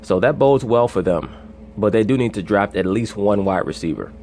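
A man's voice: lowish voice, lively intonation, moderate pace, a little mellow, slight background noise. A man giving casual sports commentary as a vlog host, blunt, opinionated and profane.

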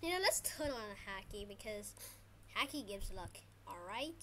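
A woman giving casual gameplay commentary as a channel host, excitable and trash-talking her opponents. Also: medium pitch, normal speed, a little hiss or hum.

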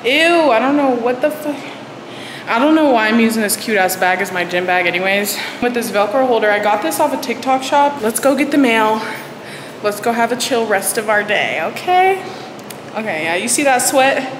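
In a noisy setting, a young woman with a slightly high voice speaks briskly to her personal vlog. She's winded after working out and chats in a candid, loose way, cursing here and there.

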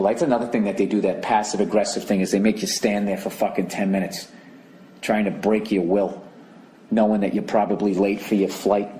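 A man's voice: lowish voice, fairly even intonation, a little fast, dark tone, a little hiss or hum. A man from the United States telling a profane, sarcastic story in a heated rant on his podcast. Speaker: comedian podcaster. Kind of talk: ranting podcast monologue.

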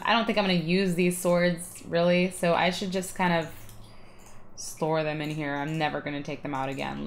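A woman's voice: lowish voice, a little hiss or hum. A woman hosting a gaming video, chatting casually and rambling with giggles as she plays. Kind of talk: casual gameplay commentary.

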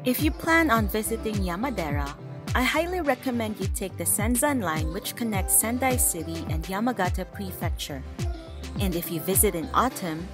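A woman reading a scripted travel voice-over in a measured, informative guide tone. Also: medium pitch, animated, music in the background. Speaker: travel vlogger.

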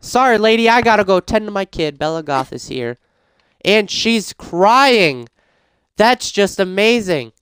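A man playing a life-sim game, reading prompts aloud and reacting in casual let's-play commentary, getting frantic and shouty when things go wrong. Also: sits high, very animated, unhurried, clear, resonant tone, dry recording, studio quality. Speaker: gaming YouTuber.

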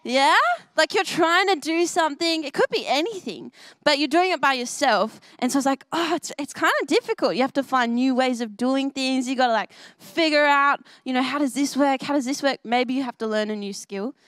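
A woman's voice: high-pitched, fairly quick, fairly bright tone, no room sound. A young woman leading a children's church message, bubbly and full of questions for the kids. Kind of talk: kids' sermon. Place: church service.

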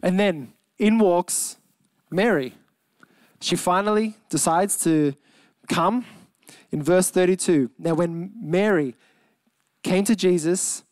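A young adult man with an Australian accent, preaching a sermon in an earnest, emphatic way, slowing and softening on key words. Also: high-pitched, no echo. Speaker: pastor.

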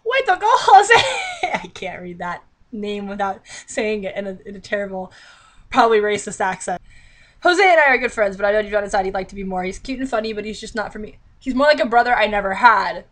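A woman's voice: mid-range voice, quick pace, fairly bright tone. A woman vlogger reading a novel aloud and breaking off into exasperated, sarcastic commentary. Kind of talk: read-aloud with mocking commentary.

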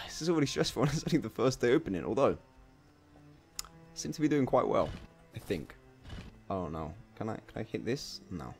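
Man swearing through a lively game commentary. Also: lowish voice, moderate pace, creaky, soft background music. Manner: chatty self-talk, swearing, bursts of exclaiming. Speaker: gameplay commentator. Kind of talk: let's play commentary.

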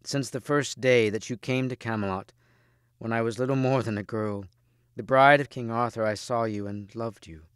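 A man reading as a soft-spoken lovesick queen. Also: mid-range voice, steady tone, normal speed, clear, resonant tone, no room sound, studio quality, close to an everyday voice. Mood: tender. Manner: soft, tender, hushed.

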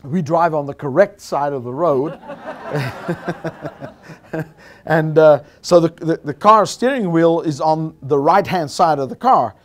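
Animated South African man preaching. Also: on the high side, slow pace, slight background noise. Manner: animated, rising to shouts at climaxes. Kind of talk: storytelling sermon. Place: Bible college meeting hall with audience.

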